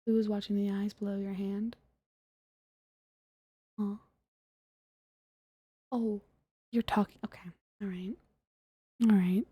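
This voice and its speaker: A young woman streaming as a VTuber, chatting softly and giggling in a half-whisper after an ASMR stream. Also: medium pitch, fairly even intonation, takes it slowly, pauses often, slightly rough, no room sound. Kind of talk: soft-spoken ASMR stream chat, often whispered.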